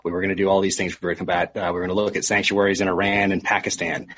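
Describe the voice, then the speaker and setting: Casual guy with a deep low voice, talks quick, lots of ums, faint hiss behind. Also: level tone, fairly bright tone, husky. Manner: halting, many ums and restarts. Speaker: guest, former Navy SEAL. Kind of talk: casual interview talk.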